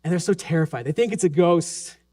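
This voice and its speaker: A man in his thirties preaching a Sunday sermon as pastor in a church, earnest, dropping to a hush and then rising with urgency. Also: fairly high pitch, fairly quick, husky. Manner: earnest, swings from hushed and soft to raised and urgent. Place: church sanctuary during a Sunday service.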